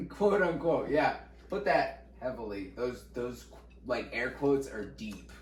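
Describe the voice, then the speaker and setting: A young man co-hosting a podcast, telling school stories in casual chat, animated and profane, laughing as he goes. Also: mid-range voice, slow pace. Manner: animated, swearing, laughing while recounting. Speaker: podcast co-host. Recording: echoey room, mic at a distance, faint noise.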